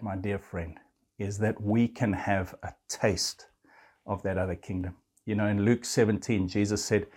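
An older man preaching a sermon in an earnest way, quoting scripture with dramatic pauses. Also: on the low side, a little mellow, slightly rough.

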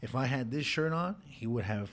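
A man's voice: medium pitch, expressive, normal speed. A man telling an emotional personal story in casual street slang, calling his listener dog and homie. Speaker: guest sharing his life story.

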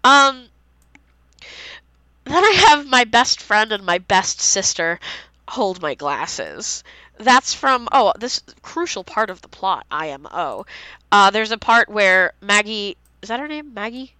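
Animated young woman, bright and lively. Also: mid-range voice, unhurried, clean tone, no room sound, poor audio. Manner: animated, reads out favorite quotes, swears freely. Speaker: podcast co-host. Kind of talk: casual fan podcast chat.

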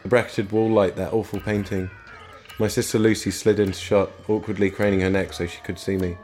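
A man's voice: fairly low pitch, little pitch movement, fairly quick, darkish tone, faint music behind. A young man reading a first-person story in a dry, understated manner. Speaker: narrator. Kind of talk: scripted narration.

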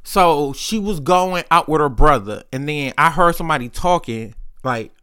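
A young man with a clear, smooth voice pitched a little high, hosting a podcast. He tells rambling, candid stories in casual chat and swears freely. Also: moderate pace, sharp tone. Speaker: podcast host. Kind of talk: casual storytelling.

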